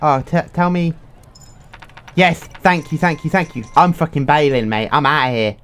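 Excitable, sweary young man gaming. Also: on the high side, normal speed, clean tone. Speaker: gaming video creator. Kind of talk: game commentary. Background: faint game music.

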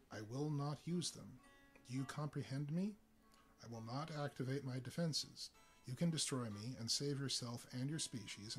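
A man's voice: mid-range voice, natural voice. Casting: tormented alien giant, formal and stiff speech, read by a man, faint guitar behind.

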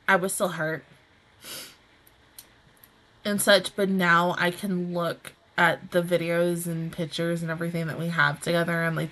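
A woman's voice: on the low side, pushed and bright, low-quality recording. A young woman hosting an anime reaction review, talking in a rambling, emotional way and swearing freely.

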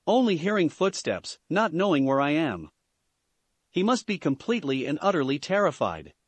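A man's voice: fairly high pitch, big pitch swings, normal speed, slightly rough, dry recording. A man reading the lines of a cocky young male swordsman who gloats and taunts his prey. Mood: gloating.

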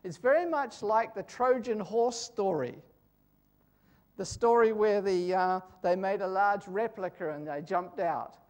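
An older man preaching in a church, praying first, then telling stories slowly with pauses and fillers. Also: high-pitched, darkish tone. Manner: slow, storytelling with pauses and fillers. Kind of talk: sermon with opening prayer.

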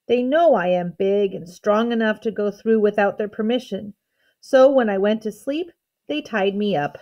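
A woman voicing a gentle, naive young male dragon who sniffles and pleads as she reads a storybook aloud. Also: medium pitch, moderate pace, lo-fi sound, lightly acted. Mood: tearful. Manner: sniffling, plaintive.

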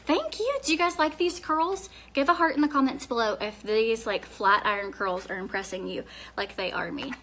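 A woman from Tennessee with a Southern accent, chatting casually on a live phone video, answering viewer comments and dropping to soft murmurs while she works. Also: a little high, normal speed, slight background noise. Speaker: live-stream hair demonstrator.

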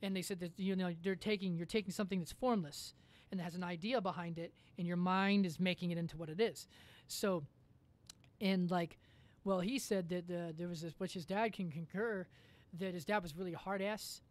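A woman's voice: lowish voice, steady tone, a little fast. A woman as a podcast guest in casual chat, rambling through a story with lots of fillers and casual swearing.

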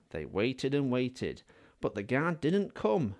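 A man narrating a children's storybook in an expressive, animated way. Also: medium pitch, a little slow.

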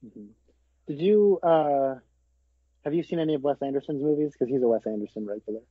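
A man in his twenties chatting casually in a film review podcast, quick to laugh. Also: mid-range voice, slightly rough, no echo, phone-quality sound. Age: 20s. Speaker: podcast co-host.

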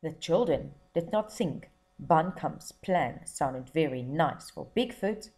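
A woman teacher from South Africa reads a children's story aloud, slowly and with expression. Her pitch moves a lot, her voice is a little husky, and she sits on the low side. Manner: slow, expressive and encouraging.

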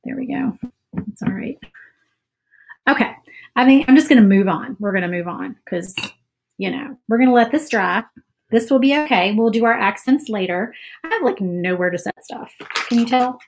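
Talking fairly quickly with lively intonation, a woman whose voice sits a little high hosts a craft livestream, chatting casually as she paints. She's self-doubting and drops "y'all" often.

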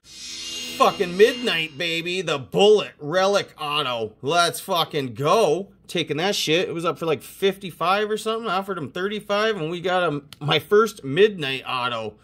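A man's voice: on the high side, normal speed. Hyped, foul-mouthed young man. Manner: profane, excitable, hyped. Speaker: host opening sports cards. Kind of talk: casual card-opening commentary.

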